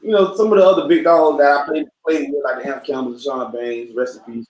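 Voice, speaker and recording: A man's voice: medium pitch, steady tone, a little fast, reverberant, poor audio. Laid-back man, repeats himself. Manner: repetitive, laid-back, often says bro. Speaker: podcast co-host. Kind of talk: casual chat.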